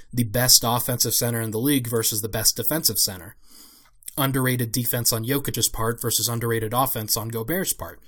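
A man's voice: medium pitch, a bit bright. A young man giving a solo casual basketball analysis as a podcast host, thinking aloud with fillers and restarts.

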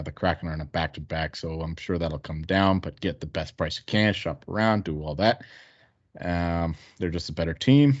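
A man's voice: low-pitched, no echo. Man, betting podcast co-host, rambling, dry lo-fi sound. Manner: casual, rambling, full of ums and uhs. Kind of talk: sports betting podcast chat. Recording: dry dull lo-fi audio.

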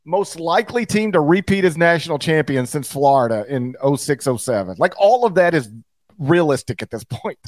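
A man's voice: a little high, lively intonation, moderate pace, dry recording. A man co-hosting a college basketball podcast, bantering playfully in casual chat. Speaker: podcast co-host.

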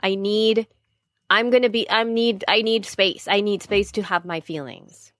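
A woman's voice: medium pitch, unhurried, a bit bright, no room sound, clean studio sound. A woman in casual chat, talking candidly and rambling, often correcting herself mid-sentence.

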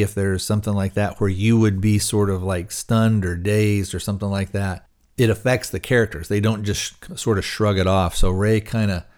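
A man with a lowish, darkish voice hosts a podcast, casually recapping a TV episode. He rambles, with lots of fillers and restarts.

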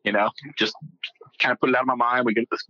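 Man telling a story, bright voice. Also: mid-range voice, little pitch movement, quick pace, dry recording, dull audio. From Texas. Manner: joking, rambling with many fillers. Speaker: guest. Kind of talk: casual storytelling interview.

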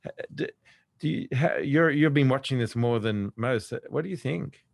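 A man interviewing in a casual conversation, speaking in a hesitant, halting way. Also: mid-range voice, vocal fry, no echo.

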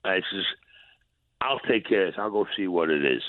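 A former mob enforcer, a guest in an interview, tells a story in a low, animated voice at a moderate pace. He plays both sides of old conversations with profane, blunt street talk. The tinny phone-line audio is dry.

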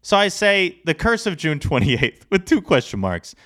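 A man co-hosting a sports podcast, talking in a casual, animated, rambling way. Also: on the high side, moderate pace, hardly any pauses. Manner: animated, rambling, self-deprecating. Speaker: podcast co-host.

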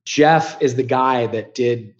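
A man's voice: mid-range voice, slow pace. Middle-aged male podcast guest, blunt, profane storyteller, dull muffled recording. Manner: blunt, profane and animated, swings loud and soft. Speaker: podcast guest, business founder. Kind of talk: candid storytelling.

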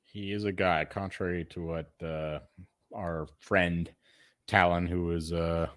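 Low male co-host, casual and rambling, dry close-miked sound. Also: little pitch movement, fairly bright tone, no echo. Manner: rambling, halting restarts, swears and laughs. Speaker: podcast co-host. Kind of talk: casual sports betting chat.

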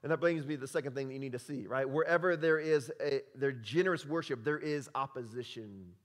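A man's voice: medium pitch, brisk. A male pastor preaching a sermon, emphatic and conversational, quizzing the congregation with repeated questions. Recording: long hall reverb.

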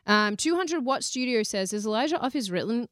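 A woman's voice: on the high side, expressive, fairly quick, fairly bright tone, no room sound, clean studio sound. A woman co-hosting a casual online talk show, reading viewer messages aloud and laughing often. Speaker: co-host reading super chats. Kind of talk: casual chat.

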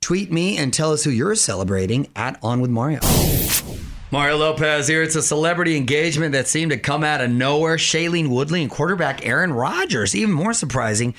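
A man's voice: a little high, lively intonation, brisk, fairly bright tone, slight background noise. Upbeat man hosting a radio show. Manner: playful, jokey banter. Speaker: radio host.

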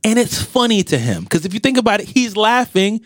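A man's voice: high voice, big pitch swings, fairly quick, dry recording, clean studio sound. A man co-hosting a podcast, chatting casually and acting out quoted lines in put-on voices. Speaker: podcast co-host.

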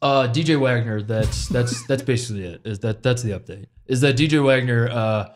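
A man co-hosting a casual sports podcast, from Ohio, talking in an animated way with repeated words and frequent laughs. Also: medium pitch, a little fast, soft background music.

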